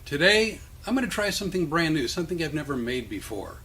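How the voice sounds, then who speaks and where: A man's voice: on the high side, big pitch swings, fast, sharp tone. A man hosting a casual cooking demonstration in a home kitchen, joking as he talks through each step. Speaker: cooking show host.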